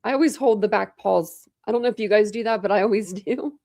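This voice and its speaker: Warm-toned and brisk, with a mid-range voice, this true crime channel host rambles chattily through a casual online chat as she browses videos. She laughs often and coos at her pets, talking to them too, and the studio-quality audio is free of echo.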